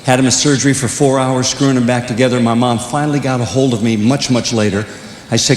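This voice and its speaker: An older man telling comic stories to young people, swinging between loud punchlines and hushed, earnest moments. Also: fairly even intonation, fairly quick. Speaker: speaker at a youth conference. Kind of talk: comedic storytelling. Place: large hall. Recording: echoey hall with faint rumble.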